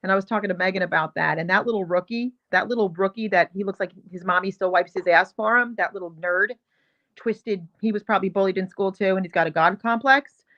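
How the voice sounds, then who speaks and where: A woman's voice: medium pitch, fast talker, dull audio. A woman hosting a show, giving heated, emphatic commentary on video clips and repeating her points with indignation. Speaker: show host.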